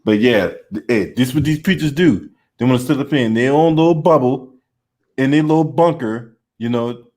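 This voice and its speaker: A man's voice: medium pitch, moderate pace, a little mellow. A man hosting a casual commentary chat in a blunt, profane and indignant way. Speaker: host.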